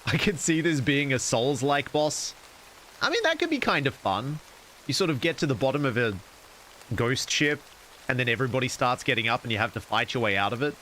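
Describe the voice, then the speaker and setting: A man's voice: medium pitch, lively intonation, brisk, bright, forceful tone, a little hiss or hum, poor audio. Wisecracking man reading a horror story. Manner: casual, wisecracking asides to chat. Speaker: streamer.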